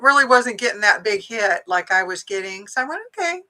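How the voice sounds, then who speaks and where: A middle-aged woman, a psychic medium, chatting to viewers and telling a personal story in a lively way, acting out the lines she quotes. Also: medium pitch, brisk, hardly any pauses, poor audio.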